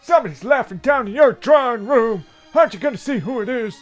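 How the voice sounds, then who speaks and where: A man's voice: very high-pitched, lively intonation, fast, soft background music. A man playing a cranky impatient cohost. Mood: exasperated. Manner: exasperated, cursing, impatient. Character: grumpy impatient male show cohost. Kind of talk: comedy radio-play acting.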